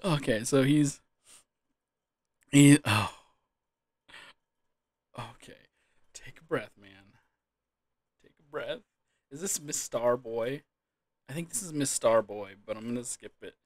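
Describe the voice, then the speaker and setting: A man's voice: medium pitch, dry recording. A man commentating a quiz casually, giggling helplessly and fighting back tears of laughter. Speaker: gaming YouTuber.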